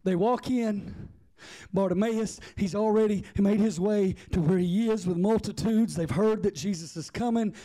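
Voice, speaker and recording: A man's voice: high-pitched, moderate pace, dark tone. A man preaching a sermon with impassioned, rhythmic repetition.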